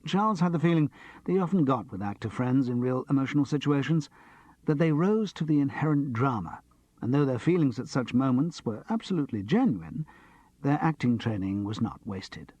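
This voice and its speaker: A man's voice: medium pitch, big pitch swings, a little fast, a little mellow, no echo. A man reading a novel aloud, switching between the voices of two men in dialogue. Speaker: audiobook narrator. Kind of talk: scripted narration of a novel.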